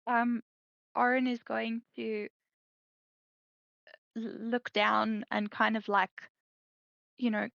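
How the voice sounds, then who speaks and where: A woman's voice: a little high, level tone, slow, gravelly, pauses often, a bit bright, no room sound, lo-fi sound. A woman narrating her character's actions in a tabletop role-play game, hesitant and full of fillers. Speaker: player.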